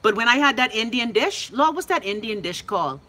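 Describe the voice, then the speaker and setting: A woman's voice: on the high side, animated, fairly quick, bright, forceful tone. A brash, profane young Bahamian woman hosting a live call-in show, reading viewer comments and teasing them by name. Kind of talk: loud casual livestream chat reading viewer comments.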